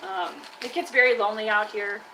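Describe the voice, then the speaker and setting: A woman's voice: mid-range voice, brisk, background noise. A woman chatting casually on a live stream from her workshop, teasing and scolding her trash can like a buddy. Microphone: live-stream camera mic.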